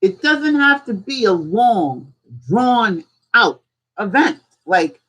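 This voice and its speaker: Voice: mid-range voice, big pitch swings, slow pace, a bit bright, poor audio. A host teaching casually on a live stream, talking conversationally and firing off strings of rhetorical questions. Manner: acts out little examples in different voices. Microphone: streaming setup.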